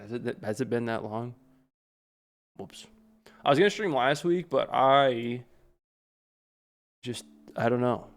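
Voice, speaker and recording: A male streamer in loose livestream chat, his voice sitting at an ordinary mid pitch. He rambles easily and fills his sentences with "like" and restarts. The delivery stays relaxed and low-key. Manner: rambling, filler-heavy storytelling.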